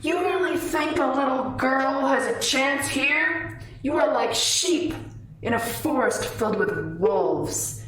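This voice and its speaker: Woman playing a loud scornful heckler man, high raised voice, echoey, distant. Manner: shouting, contemptuous. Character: loud jeering man at a bar table. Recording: roomy distant mic.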